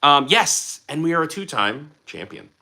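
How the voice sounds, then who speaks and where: A man in his twenties with a light Philadelphia accent, hosting a casual livestream and chatting with viewers in an excitable, jokey way. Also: a little high, moderate pace. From Philadelphia, USA. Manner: excitable, animated, jokey, drops into playful voices. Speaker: livestream host. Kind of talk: casual live chat reading viewer comments.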